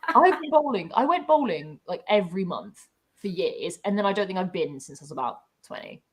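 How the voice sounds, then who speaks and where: A woman's voice: medium pitch, sing-song, a little fast. A British woman in her twenties chatting casually as a host, gushing and swearing freely. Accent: British English. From Britain. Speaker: book YouTuber host. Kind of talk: casual chat.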